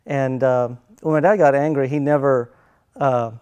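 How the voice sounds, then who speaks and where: A middle-aged man telling family stories in a halting, soft-spoken way, with many fillers and restarts. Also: medium pitch, fairly even intonation, clean tone, muffled recording. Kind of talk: casual personal storytelling.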